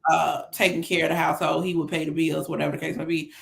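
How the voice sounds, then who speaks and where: Laid-back, low-voiced woman co-host. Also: level tone, quick pace, creaky. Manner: laid-back, storytelling, colloquial. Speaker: podcast co-host. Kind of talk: casual chat.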